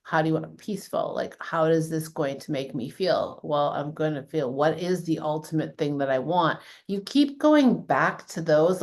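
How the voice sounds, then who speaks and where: A woman's voice: low-pitched, moderate pace, few pauses. A woman coaching a group in a casual way, swearing freely and filling her talk with "like". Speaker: fitness coach leading a group call.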